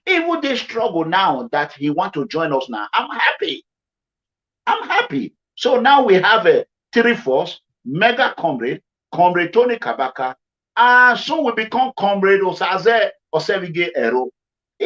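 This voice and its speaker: A man's voice: very animated, normal speed, fairly bright tone. A man from Edo State with a Nigerian accent, giving emphatic commentary and repeating himself for stress. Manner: repetitive, emphatic, swings between low and high pitch. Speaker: commentary vlogger. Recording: dull lo-fi sound.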